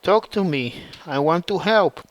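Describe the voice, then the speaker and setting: A man's voice: a little high, lively intonation, unhurried, no echo. A man reading the part of a caring but vengeful young woman fighter in a fan story.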